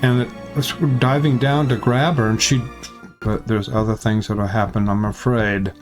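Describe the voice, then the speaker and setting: A man's voice: fairly low pitch, steady tone, moderate pace, music in the background. A man narrating as a channel host in an informal, conversational way, sometimes hesitating and correcting himself.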